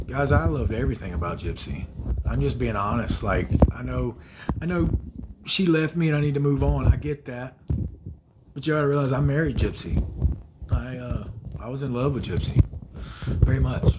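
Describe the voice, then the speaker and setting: A man in his thirties hosting a phone livestream, answering viewer comments in a hesitant, soft-spoken way with many fillers and quiet trailing murmurs. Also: mid-range voice, heavy background noise. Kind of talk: casual livestream chat.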